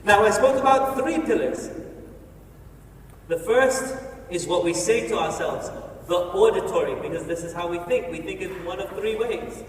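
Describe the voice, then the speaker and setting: A man giving an energetic, playful motivational talk on stage in a large hall, telling the audience what to do. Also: high-pitched, moderate pace, a little hiss or hum. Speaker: motivational speaker. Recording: echoey hall from far off, faint ambience.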